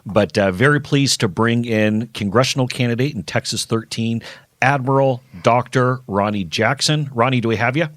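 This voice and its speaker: A man's voice: mid-range voice, moderate pace, dry recording. A man co-hosting a talk radio show, speaking in an upbeat, direct way as he introduces and questions a guest. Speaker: co-host.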